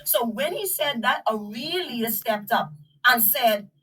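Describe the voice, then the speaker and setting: A woman's voice: a little high, lively intonation, measured pace, fairly bright tone, distant mic, slight background noise, rough recording. Indignant Bahamian woman candidate. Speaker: political candidate. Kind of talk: public statement.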